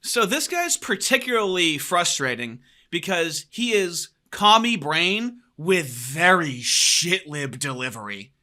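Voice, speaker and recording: Bright, sarcastic male podcast host. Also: on the high side, big pitch swings, takes it slowly, hardly any pauses. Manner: sarcastic, mocking. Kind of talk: casual podcast chat.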